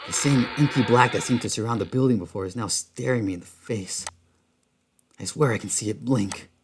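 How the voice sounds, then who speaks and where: A man's voice: on the low side, a little fast, background noise. A man playing a horror game, reading its text aloud dramatically and breaking off with startled exclamations, recorded in a garage. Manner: excitable, frequent startled exclamations; reads narration dramatically. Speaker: gaming video host. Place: garage at night. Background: loud game music.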